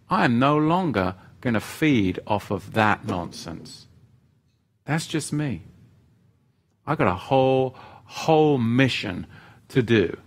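A man teaching on a live stream and reading viewers' comments aloud. He talks in a feisty, teasing way, jumping from loud outbursts to soft asides, and leads a prayer. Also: medium pitch, lively intonation, slow, long pauses. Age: parent of children living at home.

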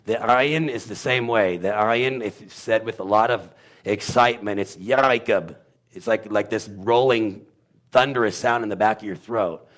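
Low-voiced man sounding out letters. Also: moderate pace, a bit bright. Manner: demonstrative, sounds out letters and syllables, rambling. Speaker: guest explaining Hebrew pronunciation. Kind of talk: casual teaching talk.

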